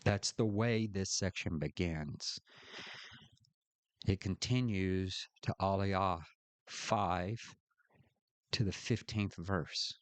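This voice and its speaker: A man teaching a scripture study lesson, walking through the text and reading verses aloud with deliberate emphasis. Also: low voice, no room sound. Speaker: Bible teacher.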